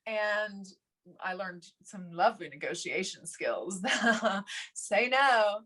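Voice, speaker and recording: A woman in her thirties, a podcast guest telling stories in casual conversation, animated, laughing often and acting out what others said. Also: medium pitch, takes it slowly. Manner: animated, laughs often, acts out quoted voices. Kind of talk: casual interview storytelling.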